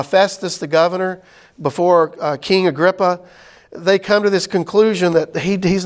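Male Bible teacher, slightly higher voice, relaxed conversational delivery. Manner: conversational, many fillers and paraphrases in plain slang.

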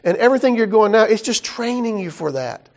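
A man with a high voice preaches in an easy, conversational way. He stays folksy and animated, breaking into exclamations and side remarks between points. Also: a little fast. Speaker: pastor. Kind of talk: conversational sermon.

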